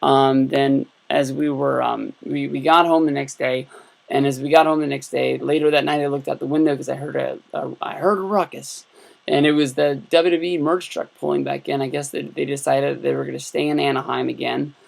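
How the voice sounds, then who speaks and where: A man's voice: mid-range voice, flat delivery, fairly quick, gravelly. A man in his thirties telling a rambling, casual vlog story full of fillers and restarts. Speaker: YouTube vlogger.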